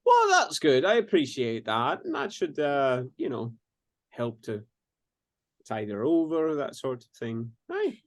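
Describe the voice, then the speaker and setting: A man playing a character in a tabletop game, hesitant and halting, with many fillers. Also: mid-range voice, wildly swooping pitch. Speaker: player.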